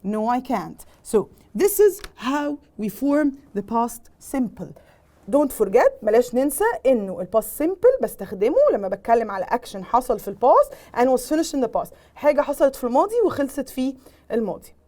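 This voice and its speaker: A woman's voice: a little high, big pitch swings, very fast, warm tone. A woman with an Egyptian accent teaching an English revision lesson, explaining each point in English and then in Arabic and quizzing her pupils as she goes. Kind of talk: bilingual exam revision lesson.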